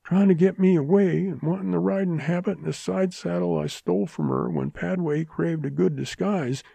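Guy doing a hurt young cowboy, weak strained voice, way up high. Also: moderate pace, vocal fry, dark tone, husky, dry recording, exaggerated voice.

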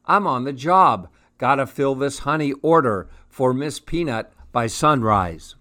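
A man voicing a tiny, busy male honeybee worker in a storybook, brisk and no-nonsense. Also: mid-range voice, lively intonation, pushed and bright.

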